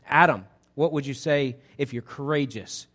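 A man as pastor giving an interactive sermon, energetic and chatty with frequent restarts. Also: medium pitch, moderate pace.

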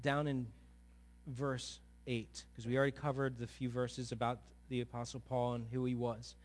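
A man preaching a sermon as a pastor, animated, acting out quoted voices, swinging from quiet to loud. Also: medium pitch, moderate pace.

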